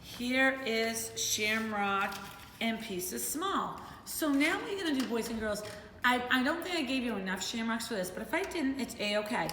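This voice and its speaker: A middle-aged woman teaching young children a remote lesson from home, in an animated, encouraging sing-song manner. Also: on the high side, quick pace, a little hiss or hum. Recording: roomy echo with faint ambience.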